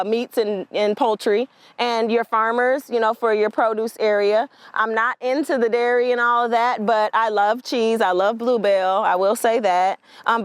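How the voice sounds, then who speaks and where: A woman's voice: on the high side, no room sound. A woman giving a documentary interview, telling stories emphatically with frank asides.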